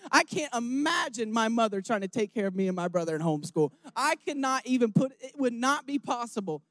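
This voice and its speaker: A young man preaching a candid sermon, rambling with restarts and questions to his listeners, swinging from hushed emotion to loud rousing calls. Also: very high voice, animated, brisk, hardly any pauses, no room sound.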